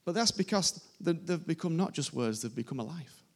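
A man's voice: fairly high pitch, animated, fairly quick. A man preaching a sermon to a congregation in an informal, emphatic way, repeating his phrases. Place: church service before a congregation.

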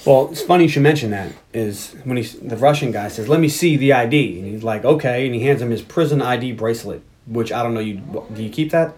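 A man's voice: medium pitch, fast talker, few pauses, a little hiss or hum. A man hosting a podcast, recapping a film's plot in casual chat and jumping into the characters' lines as he goes. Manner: animated, acts out characters' lines while recapping. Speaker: podcast host.

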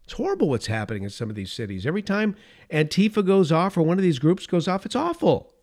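Quick-paced and sing-song, his voice on the high side, a middle-aged or older man gives an emphatic opinion monologue as a political commentator. He repeats key phrases to stress them and drops into soft asides.

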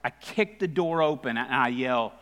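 A man's voice: medium pitch, animated, moderate pace, fairly bright tone. Man preaching with humor in a reverberant hall. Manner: conversational, self-deprecating. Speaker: guest speaker. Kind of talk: humorous storytelling sermon. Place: live church service.

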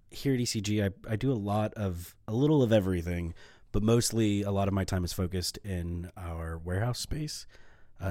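A man who works in film gear and grip, talking as a podcast guest in a relaxed way with frequent fillers. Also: sits low, dry recording, studio quality. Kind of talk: casual podcast chat.

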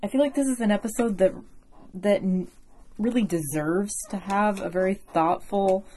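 A woman's voice: medium pitch, normal speed, mellow, slight background noise. A young woman hosting a solo podcast, talking casually and emotionally with many fillers, close to tears. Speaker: podcast host.

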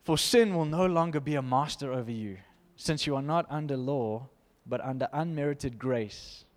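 A man preaching an informal sermon, reading scripture aloud and commenting with animated emphasis. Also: mid-range voice, moderate pace, long reverb tail. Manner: animated, emphatic, laughs between points.

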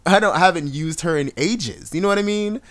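A young adult man co-hosting a podcast, chatting casually with an animated, sassy storytelling style and frequent laughs. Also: high-pitched, a little fast. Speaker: podcast co-host. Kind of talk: casual chat.

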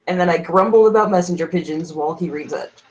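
A woman's voice: fairly low pitch, quick pace, a little mellow, muffled recording. A woman playing a tabletop game, explaining her plans in a rambling, hesitant way full of fillers. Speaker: player. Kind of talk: casual tabletop game chat.

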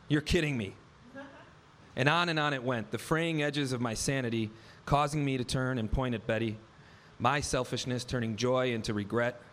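Man, thirties, live storyteller, wry, vivid, acts out dialogue, mid-pitched voice. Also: fairly bright tone, a little hiss or hum. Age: 30s. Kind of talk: first-person story told live on stage.

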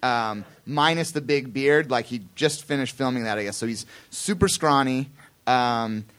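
A man's voice: mid-range voice, fairly bright tone. Man telling a self-deprecating story on stage. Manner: rambling, self-deprecating storytelling with quick impressions. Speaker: comedian guest telling a story. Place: theatre stage before a live audience.

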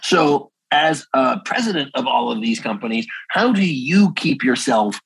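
A man's voice: mid-range voice, lively intonation, unhurried, gravelly, fairly bright tone, breathy edge, no echo, poor audio. A man hosting a podcast, asking long, rambling questions filled with "like" and "you know". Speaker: podcast host. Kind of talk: interview questions.

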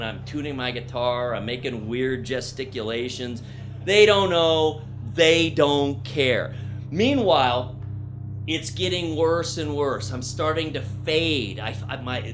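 A middle-aged man from Ohio telling a vivid personal story as a guest, with dramatic rises in pitch and loudness. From Ohio, USA.

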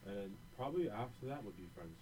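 A man's voice: on the low side, lively intonation, fast, a crowd in the background, low-quality recording. A young man in casual chat, hesitant and searching for words.

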